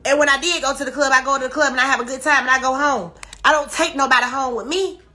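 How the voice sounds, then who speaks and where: A woman's voice: high-pitched, fairly even intonation, quick pace, sharp tone, faint music behind. A woman crying as she rants on a live stream, repeating emphatic, defensive denials. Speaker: social media personality on a live stream. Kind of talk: emotional livestream rant.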